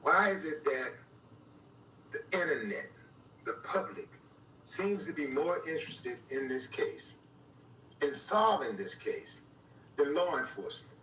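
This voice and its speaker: A man's voice: fairly high pitch, expressive, unhurried, long pauses, pushed and bright. A man commenting on an audio recording in a played clip, speaking to viewers and repeating the words he hears in it. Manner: talks to viewers, voices what he hears in the audio. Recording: echoey room from far off, faint noise.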